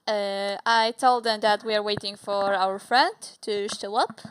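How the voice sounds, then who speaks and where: A woman's voice: mid-range voice, steady tone, measured pace, clear, resonant tone, no echo. A young woman, a native Polish speaker with a Polish accent, chatting casually on a livestream, giggly and bubbly with playful swearing. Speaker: streamer.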